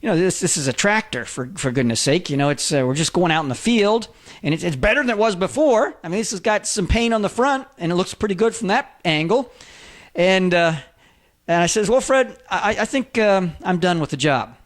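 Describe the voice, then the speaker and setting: A man in his fifties telling a personal story as a lesson, in a halting folksy way with lots of fillers. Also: sits high, expressive. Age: 50s. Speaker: author and motivational speaker.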